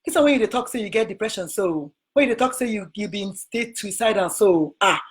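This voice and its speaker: A woman's voice: medium pitch, expressive, brisk, close to an everyday voice. A woman voicing a male colleague who warns her in Nigerian Pidgin. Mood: warning.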